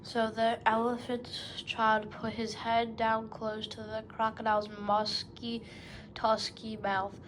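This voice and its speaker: A woman reads a children's tale aloud at an unhurried, deliberate pace, with her voice sitting a little high. She keeps to a level, even tone and turns to the listener now and then as "best beloved". The reading is steady and patient. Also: a little hiss or hum, rough recording. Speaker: storyteller. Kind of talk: children's story narration.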